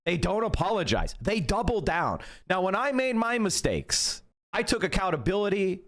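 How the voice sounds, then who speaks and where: A man's voice: sits high, very animated, moderate pace, fairly bright tone. A middle-aged man hosting a livestream and ranting indignantly at his chat. He repeats himself and swears often. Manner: indignant, repetitive, profane. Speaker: livestream host. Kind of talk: heated livestream rant to chat.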